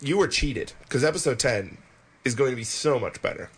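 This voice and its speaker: A man's voice: medium pitch, expressive, brisk, breathy edge. A man co-hosting a podcast, bantering casually with jokes and frequent self-interruptions. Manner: jokey, rambling, self-interrupting. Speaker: podcast co-host.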